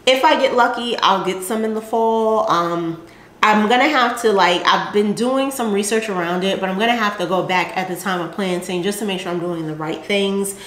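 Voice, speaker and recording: This Southern-accented gardening host speaks at a moderate pace in a mid-range, slightly bright voice, and the sound is roomy. She casually rambles through her seed packets, leaning heavily on fillers.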